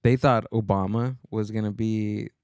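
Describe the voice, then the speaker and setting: A man's voice: fairly low pitch, steady tone, unhurried, a little mellow, clean tone, dry recording, clean studio sound. A man co-hosting a comedy podcast, chatting casually and rambling with many restarts and trailing-off sentences. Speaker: podcast co-host.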